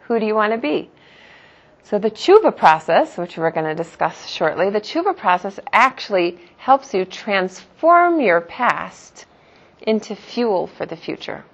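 A woman religious teacher giving a spoken lesson in an animated, emphatic way, asking her listeners rhetorical questions. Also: medium pitch, highs cut off.

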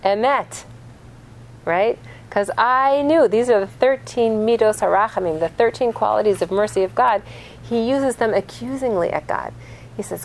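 A woman teaching a lively lesson, telling stories and asking her class questions. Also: on the high side, normal speed, a little hiss or hum, poor audio. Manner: animated storyteller, asks the class questions. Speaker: religious teacher.

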